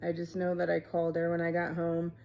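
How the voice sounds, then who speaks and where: A woman in her thirties telling her own life story in a casual, halting way, with many fillers and quiet trailing asides. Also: on the low side, completely flat delivery. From Ohio, USA.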